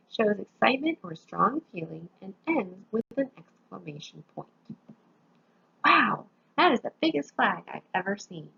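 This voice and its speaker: A sleepy woman teacher walks through a grammar lesson one step at a time. Her low voice is gravelly and a little husky. The recording sounds dull and lo-fi. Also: sharp tone. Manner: patient, explains step by step with examples. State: sleepy, yawning.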